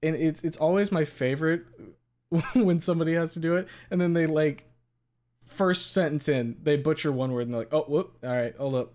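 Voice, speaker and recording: A man hosting a casual chat, joking and swearing freely in an animated way. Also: fairly high pitch, moderate pace. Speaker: host.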